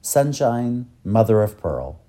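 A man voicing an eager, excitable young girl in a storybook reading. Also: fairly low pitch, slow pace. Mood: excited.

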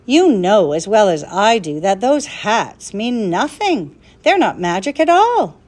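A woman's voice: medium pitch, sing-song, unhurried, darkish tone. A woman voicing a flustered, worried old male professor who talks anxiously and with exasperation in a storybook reading. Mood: exasperated.

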